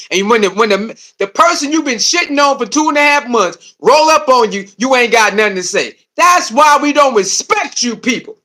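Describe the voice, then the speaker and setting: Animated high-pitched streamer man. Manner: animated, repetitive, laughing, slangy; mocking, heated. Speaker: streamer reacting to a video. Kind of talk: casual live-stream commentary.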